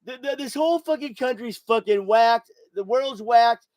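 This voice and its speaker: The voice is very high and a little mellow, belonging to a sixty-something man hosting a podcast at a normal pace. Buzzed, he swears, rambles, and repeats himself in a loose monologue, captured in a dry recording with poor audio.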